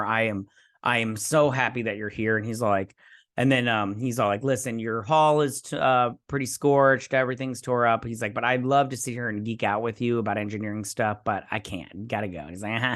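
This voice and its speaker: A man's voice: mid-range voice, a bit bright, no echo, studio quality. A man hosting a review show, recapping an episode casually in a rambling way, full of fillers, paraphrasing characters in his own voice.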